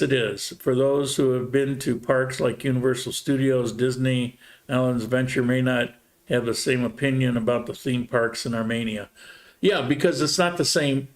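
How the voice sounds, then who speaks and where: A man in an unhurried live Q&A, chatting loosely and reading comments aloud. His voice sits at an ordinary middle pitch, and he drifts from point to point with restarts and fillers. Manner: relaxed, rambling, reads viewer comments aloud. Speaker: livestream host answering viewer questions. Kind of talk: casual live Q&A chat.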